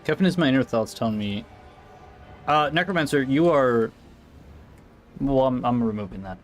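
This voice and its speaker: A man's voice: mid-range voice, lively intonation, moderate pace, long pauses. Rambling American man streaming a game. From United States. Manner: rambling, reacting to chat with asides. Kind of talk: casual live-stream chat while gaming.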